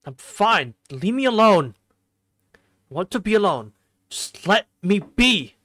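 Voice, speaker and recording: A confused and irritable young student blurts out his lines in agitation, as a streamer reads his part. The voice stays at a middle pitch and is recorded dry, with no room sound. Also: big pitch swings, unhurried, no room sound. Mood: snapping.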